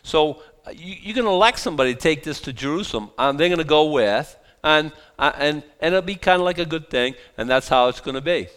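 Man, pastor, conversational sermon, joking asides, smooth resonant voice. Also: fairly high pitch, expressive, fairly quick, few pauses, a bit bright. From South Boston. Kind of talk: verse-by-verse sermon.

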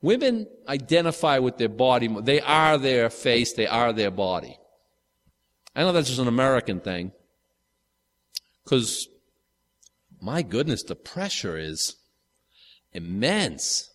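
Fifty-something preacher in a reverberant hall. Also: male voice, mid-range voice, very animated, slow pace, long pauses, a bit bright. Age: 50s. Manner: casual, rambling, with frequent restarts and asides. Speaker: pastor. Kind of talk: conversational sermon.

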